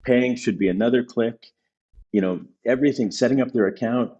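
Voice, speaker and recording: A man's voice: mid-range voice, a little fast, mellow, muffled recording. A male business consultant speaking as a podcast guest, making his points emphatically and repeating them for stress. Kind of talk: casual conversational interview.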